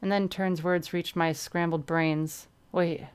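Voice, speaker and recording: Woman streamer reading her story out loud, lowish smooth voice, chatty asides. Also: little pitch movement, a little slow. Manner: breaks off to laugh and comment. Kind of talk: first-person story narration.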